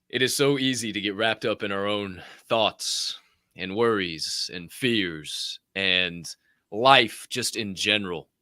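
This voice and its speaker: A man's voice: medium pitch, bright, forceful tone, dry recording, clean studio sound. A man co-hosting a podcast, giving a fervent motivational faith talk with casual swearing. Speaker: podcast co-host.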